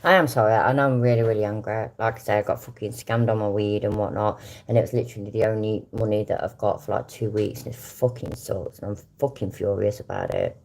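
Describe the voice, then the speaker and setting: Older British woman, very low voice, lively up-and-down delivery, blunt and sweary. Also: quick pace, gravelly, hardly any pauses. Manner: blunt, heavy swearing, chatty. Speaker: host reacting to videos. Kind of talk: casual live-stream chat.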